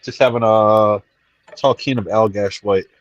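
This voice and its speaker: A man's voice: lowish voice, fairly even intonation, moderate pace, dry recording, dull audio. A man chatting casually as a guest on a video-call stream, easygoing and repeating phrases as he muses. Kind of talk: casual live-stream chat.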